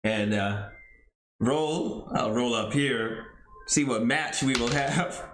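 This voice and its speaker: A man's voice: mid-range voice, slow, roomy sound. Man calling a tabletop wrestling game. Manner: excitable play-by-play with chuckles. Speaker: solo tabletop game player and narrator.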